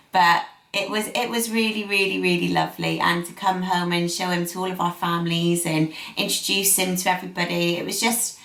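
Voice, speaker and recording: A woman's voice: lowish voice, creaky, a bit bright. A young woman vlogger telling a personal story to camera, gushing and repeating words for emphasis. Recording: echoey room.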